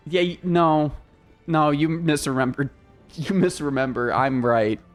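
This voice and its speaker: A man talks loosely into his headset on a gaming stream. He rambles, trips over his own sentences and starts again. Faint game music plays quietly beneath him. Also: fairly high pitch. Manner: rambling, self-interrupting, quick to laugh. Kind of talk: casual gaming stream chat.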